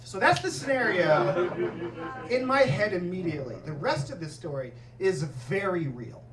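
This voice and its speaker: A male stand-up comedian telling a story in an animated way, acting out characters and swearing often, on stage in a comedy club. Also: high-pitched, normal speed. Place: comedy club with live audience. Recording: roomy club recording from far off with crowd laughter.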